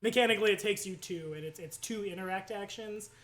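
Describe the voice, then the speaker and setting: A man running a tabletop game as game master, easygoing and quick to laugh. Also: high-pitched, fairly bright tone, slight background noise.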